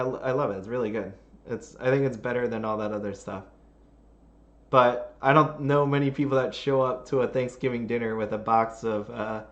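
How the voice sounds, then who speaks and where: A man's voice: mid-range voice, dull audio. A man hosting his channel, chatting casually and telling a rambling holiday story, laughing at it as he goes. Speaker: channel host.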